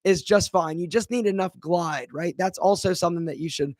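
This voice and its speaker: A man's voice: high voice, brisk, darkish tone, no echo, studio quality. A man, a brand founder, answering viewer questions in a casual live Q&A, chatty and full of fillers. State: a bit out of breath.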